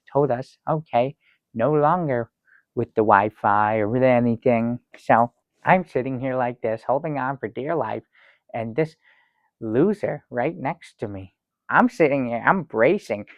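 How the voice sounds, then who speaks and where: A man plays an excitable, fussy guest with a mid-pitched, gravelly voice who rambles and stalls, then bursts into theatrical exclamations. The recording sounds slightly dull and lo-fi and dry, with no room echo. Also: a little slow, lightly acted. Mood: rambling. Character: fussy excitable man telling a travel story. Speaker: talk show guest. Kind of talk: improvised comic storytelling.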